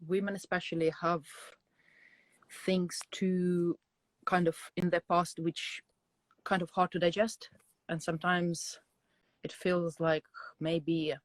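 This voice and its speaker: A woman on a video call reading her own poems and speaking about them in a hesitant way, with many pauses and fillers. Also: lowish voice, no echo. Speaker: guest poet.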